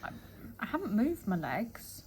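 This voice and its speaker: A woman's voice: mid-range voice, huge pitch swings, measured pace, background noise. Chatty, rambling woman. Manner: chatty, rambling explainer, laughs often. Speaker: client, the host's sister. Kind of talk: casual chat.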